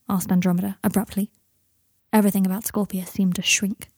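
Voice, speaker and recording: A woman narrating fan fiction as an audiobook, calm and even. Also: medium pitch, a little fast, no echo, studio quality.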